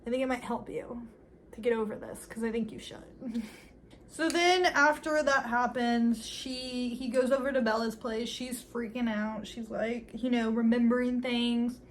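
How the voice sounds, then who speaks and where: Chatty woman with a higher voice recapping a movie. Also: fairly even intonation, unhurried, a little hiss or hum. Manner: chatty, filler-heavy storytelling, wry asides. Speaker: movie reviewer. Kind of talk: casual movie recap commentary.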